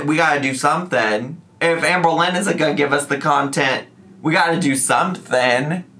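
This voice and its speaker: A man vents into his camera in an animated, chatty vlog style. His voice is bright and forceful and sits a little high, and now and then he slips into a joking southern twang. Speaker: YouTuber. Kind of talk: casual vlog rant.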